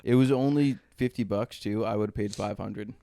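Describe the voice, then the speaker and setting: Gravelly low-voiced man from Boston. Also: moderate pace, warm tone, dry recording, studio quality. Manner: loose, crude, laid-back storyteller. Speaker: podcast co-host. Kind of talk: casual storytelling chat.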